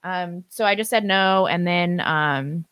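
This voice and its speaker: Low-voiced woman telling a story. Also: takes it slowly, smooth, no echo. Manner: animated storyteller who acts out quotes, laughs often. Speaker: co-host of a live stream. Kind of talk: casual chat, telling a birth story.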